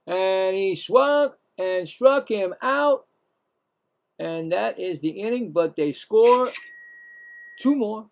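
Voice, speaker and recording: A man's voice: sits high, sing-song, takes it slowly, vocal fry, long pauses. A man hosting casual live baseball play-by-play, rambling, self-mocking, and often stumbling and correcting himself. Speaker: play-by-play host.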